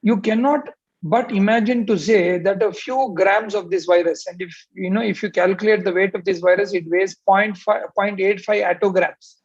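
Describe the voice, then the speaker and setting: A man speaks on a panel, his high voice gravelly and husky. He hesitates with many fillers yet stresses his points emphatically. The audio is a muffled, lo-fi video call. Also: steady tone, moderate pace. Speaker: surgeon and panelist. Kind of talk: panel opening remarks.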